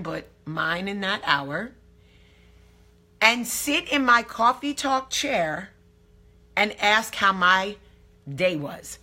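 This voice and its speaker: A woman hosting her own vlog, telling a candid story to camera in a brash, profane, animated way. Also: fairly high pitch. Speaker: vlog host.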